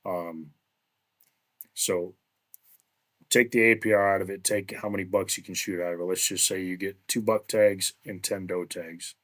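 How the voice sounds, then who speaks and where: Male podcast host, very low voice, relaxed and chatty interviewer. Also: normal speed. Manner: relaxed, chatty, conversational questions. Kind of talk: casual interview chat.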